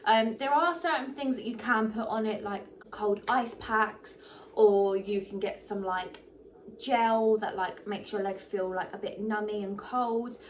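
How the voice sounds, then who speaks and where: A young pregnant woman, chatting casually to camera, animated and full of fillers, a little short of breath. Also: medium pitch, a little slow, recorded from a distance, a little hiss or hum. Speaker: vlogger.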